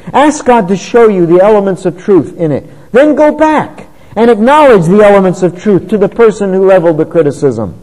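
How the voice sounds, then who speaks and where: A man's voice: sits high, dark tone, in a large hall, poor audio. A man preaching a sermon in an earnest, conversational way, often rising in emphasis.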